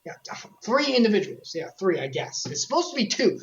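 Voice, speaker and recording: A woman streamer recapping a video game series in casual commentary, excitable and joking, with quick asides to her chat. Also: medium pitch, highs cut off.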